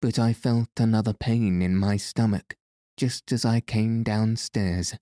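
A man's voice: fairly low pitch, steady tone, slow pace, dark tone, no room sound, clean studio sound. A man reading as a solemn, dramatic little girl. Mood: despairing. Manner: solemn, earnest delivery.

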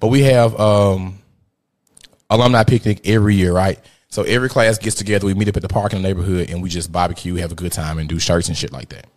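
A man, a podcast host telling a rowdy, profane story in casual chat, jumping between loud outbursts and muttered asides. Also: deep voice, fairly even intonation, quick pace. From Memphis, USA. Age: 30s.

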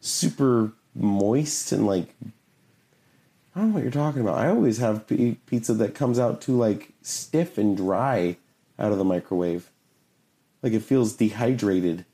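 A man's voice: on the low side, expressive, warm tone, slightly rough. A man in casual conversation who teases and challenges the other speaker. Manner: teasing, quick to challenge. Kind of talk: casual banter.

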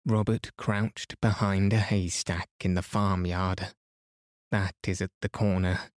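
A man reading a classic children's story aloud as a calm, soothing bedtime narration. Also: sits low, slow, dry recording, studio quality. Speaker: podcast host and reader.

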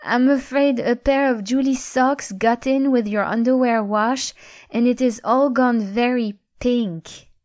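A woman's voice: on the high side, measured pace, clean tone, pitched above the performer's own voice, close to an everyday voice. A woman voicing a young French exchange student girl with a French accent, chirpy and giggly. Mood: apologetic. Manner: chirpy, giggly, sing-song.

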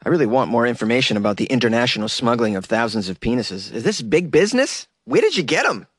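A man's voice: mid-range voice, big pitch swings, fast, a bit bright, dry recording. Irreverent male comedy podcast host, rambling riffs, dry close sound. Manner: irreverent, rambling, laughs at own jokes. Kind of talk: comedic news commentary.

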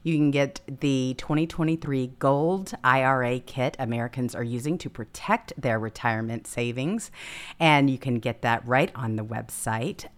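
A woman's voice: rumbling low, moderate pace. A woman hosting a political talk show, speaking emphatically with punchy asides and agreeing with her co-host.

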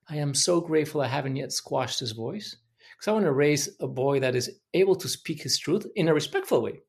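A man's voice: medium pitch, gravelly, slightly rough. A man from Mexico speaks as a podcast guest in an earnest, candid way. He reflects openly on his own habits as a parent and keeps a mid-range voice. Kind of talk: reflective personal storytelling.

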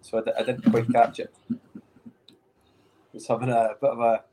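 A man's voice: mid-range voice, monotone, normal speed, mellow, slight background noise, poor audio. A middle-aged Scottish man with a Scottish accent, a former footballer chatting on a podcast in a joking, laid-back way. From Scotland. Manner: joking, laid-back, uses Scots words. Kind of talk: casual podcast banter.

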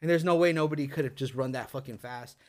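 At medium pitch and a quick pace, a middle-aged man spins a creepy tale as a podcast co-host, casually trading stories with friends indoors. His telling is rambling and profane, stuffed with "likes" and "dudes."

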